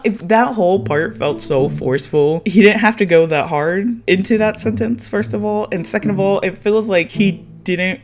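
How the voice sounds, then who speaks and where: A host recapping a reality TV episode in a casual chat, animated, laughing often and acting out what the cast said. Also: mid-range voice, unhurried, slight background noise. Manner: animated, laughs a lot, acts out quotes; swears freely.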